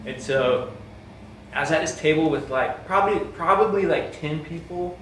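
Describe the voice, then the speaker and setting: A young American vlogger recounts how he and his partner met, rambling through the story in casual chat, peppering it with "like" and quoting himself. His voice is a little high and fairly bright at a normal pace, while the roomy recording picks him up from off mic with a faint hum.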